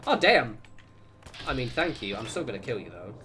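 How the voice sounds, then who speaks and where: A man's voice: mid-range voice, very animated, normal speed, noisy background. Rambling man chatting on stream. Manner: rambling, self-interrupting, chatty asides to viewers. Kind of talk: casual gaming livestream chat.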